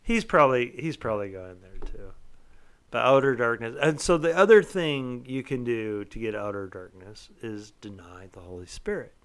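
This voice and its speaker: A man's voice: medium pitch, lively intonation, moderate pace, smooth. A young man talking casually on a podcast, rambling and swearing freely, tipsy as he jokes and argues. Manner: profane, rambling, says he is tipsy. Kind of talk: casual chat.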